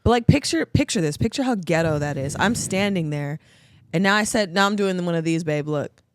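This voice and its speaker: A woman's voice: lowish voice, lively intonation, a little fast, a little hiss or hum. A woman co-hosting a podcast in casual chat. She tells a story with lots of energy and acts out what other people said. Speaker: podcast co-host.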